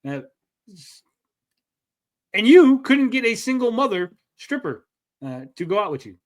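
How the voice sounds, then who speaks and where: A man hosting a live stream, ranting in casual banter and mocking people with quick impressions. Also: very high voice, sing-song. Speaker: stream host.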